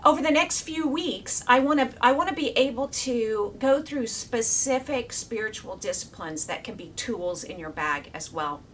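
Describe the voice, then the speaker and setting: A middle-aged woman gives an informal faith talk to her viewers, bright and animated, laughing easily and sometimes falling to a whisper. Her voice sits a touch high. She is recorded a little away from the mic, with a faint rumble underneath. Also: moderate pace, hardly any pauses, far from the mic. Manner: animated, laughs often, drops to a whisper for emphasis. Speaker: Christian video teacher. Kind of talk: casual faith teaching to camera.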